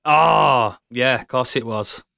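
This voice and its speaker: A man co-hosting a casual gaming podcast, excitable and jokey, laughing often. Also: medium pitch, slow pace, vocal fry, dry recording, studio quality. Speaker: podcast co-host. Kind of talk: casual chat.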